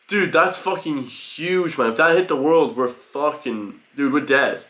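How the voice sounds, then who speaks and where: A man giving an excitable, profane reaction commentary, full of loud exclamations. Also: mid-range voice, normal speed, few pauses. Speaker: reaction video host. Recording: roomy home recording with faint music.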